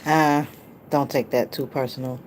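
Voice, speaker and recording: A woman's voice: rumbling low, fairly even intonation, normal speed, slight background noise. A woman vlogger, a mother, casually telling a rambling story to camera, full of fillers and quoted back-and-forth dialogue. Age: adult, mother of a child.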